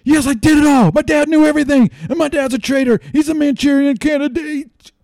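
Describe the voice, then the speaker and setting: Man mimicking a squeaky, pleading man cracking under questioning, high, mock-tearful, dry close sound. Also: a little fast, darkish tone, no room sound.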